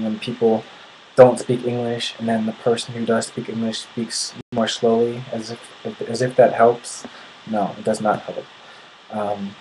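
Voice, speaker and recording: An indignant young man in a casual video rant. His pitch stays flat and his pitch is medium, and he often breaks off and restarts his sentences. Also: slight background noise, low-quality recording. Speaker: vlogger.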